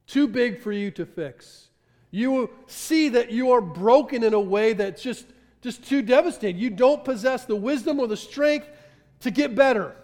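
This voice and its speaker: Impassioned preacher in a reverberant hall. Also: male voice, extremely high pitch. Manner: impassioned, swinging from loud urgency to hushed intensity. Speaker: pastor. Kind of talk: sermon.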